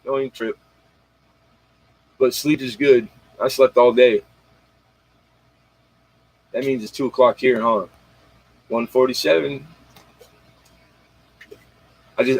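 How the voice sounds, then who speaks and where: Man, livestream host, casual rambling chat, slangy, husky, dry close mic. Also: medium pitch, fairly even intonation, unhurried, pauses often, dry recording, rough recording. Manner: rambling, slangy, talks straight to viewers, retells comedy bits.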